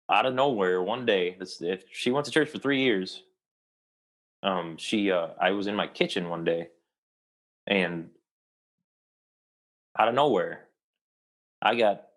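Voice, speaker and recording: A young adult man, an actor, telling a long personal story in a casual interview and rambling with many restarts. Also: fairly low pitch.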